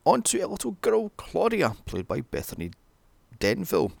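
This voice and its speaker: Brief: British man, sarcastic profane recapper, very lively swooping delivery, dry close sound. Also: sits high, normal speed, creaky, no echo. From Britain. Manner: sarcastic, profane, wandering asides. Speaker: film reviewer. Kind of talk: sweary comedic movie recap.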